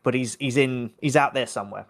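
A young man co-hosting a podcast talks briskly in a mid-range voice while reviewing a film. His delivery is chatty and rambling, with frequent self-corrections.

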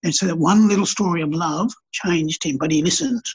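A man's voice: a little high, fairly quick, husky, lo-fi sound. A man, a podcast guest who tells stories and talks about spirituality in a passionate, preachy way. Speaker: podcast guest, artist and healer. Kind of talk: casual spiritual conversation.

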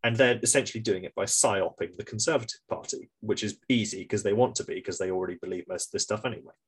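A man's voice: on the low side, fast, husky. A man co-hosting a podcast in casual political chat, swearing freely and stumbling over repeated words. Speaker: podcast co-host.

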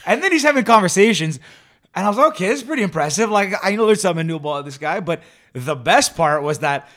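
Fast, lively young podcast co-host. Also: male voice, high-pitched. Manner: animated storyteller, laughs often. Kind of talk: casual chat.

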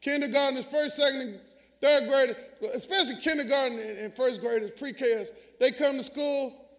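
A Southern US pastor preaches a sermon in a large church sanctuary at normal speed, his voice unusually high for a man. Animated and conversational, he trades call-and-response lines with the congregation while long hall reverb trails each phrase.

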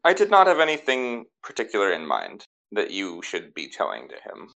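A man narrating as game master for a tabletop game, halting often with fillers and restarts. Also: lowish voice, wildly swooping pitch, vocal fry, fairly bright tone, low-quality recording.

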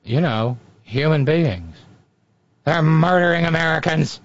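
A man's voice: on the high side, expressive, measured pace, no room sound. A man hosting a satirical comedy show, delivering mocking political commentary on slightly muffled audio. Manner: sarcastic, mocking.

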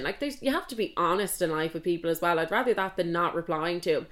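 A woman's voice: on the low side, fast talker, a bit bright. A young Irish woman in her twenties telling a dating story in a casual, rambling way, blunt and full of swearing and fillers. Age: 20s.

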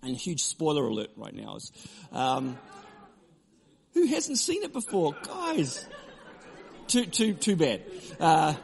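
A man preaching a sermon, emphatic and repetitive, shifting between forceful declarations and quieter storytelling. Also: on the high side, huge pitch swings, slow, gravelly, pauses often, some chatter behind. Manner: emphatic, repeats key phrases, drops to quiet storytelling. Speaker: pastor.

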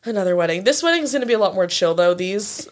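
Animated young woman telling stories. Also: mid-range voice, fast. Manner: animated storytelling, frequent "like" fillers, swearing. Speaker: podcast co-host. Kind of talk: casual chat.

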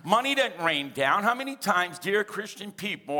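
Bright-voiced energetic male preacher. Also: sits high, moderate pace, few pauses. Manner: energetic preaching with call-and-response questions; humorous asides. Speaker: pastor. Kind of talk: sermon.

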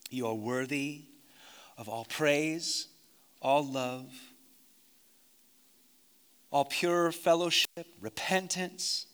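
A man preaching and praying aloud as pastor, swinging between hushed, intimate lines and fervent outbursts. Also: a little high, very slow, long pauses, clean tone. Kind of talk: sermon and closing prayer. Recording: long reverb of a large hall.

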